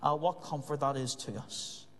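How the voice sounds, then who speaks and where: A man's voice: on the high side, steady tone, normal speed, a bit bright. A man preaching a sermon in an earnest way, repeating key phrases for emphasis. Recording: long hall reverb.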